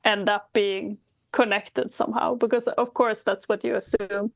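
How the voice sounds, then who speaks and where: A woman's voice: mid-range voice, steady tone, moderate pace, creaky, no echo. A woman from Sweden chatting thoughtfully as a podcast co-host, laughing often. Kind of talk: casual chat.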